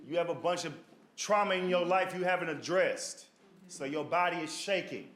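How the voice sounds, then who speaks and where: On a comedy stage before a live audience, a male stand-up comedian with a somewhat high, slightly bright voice tells rambling stories at a moderate pace into a handheld mic. He's streetwise, asking the crowd "you know what I mean", as laughter rises in the background.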